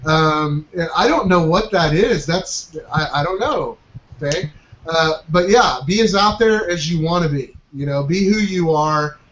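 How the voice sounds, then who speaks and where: A man's voice: on the high side, measured pace, fairly bright tone. Upbeat man leading a group call. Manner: upbeat, encouraging, with many fillers. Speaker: host of a marketing coaching group call. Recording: dull, roomy call audio with faint noise.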